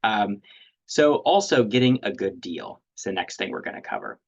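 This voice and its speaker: A man's voice: fairly low pitch, sing-song, moderate pace, gravelly. A man presenting a webinar lecture on negotiation, talking loosely with many fillers and restarts. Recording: dull lo-fi audio.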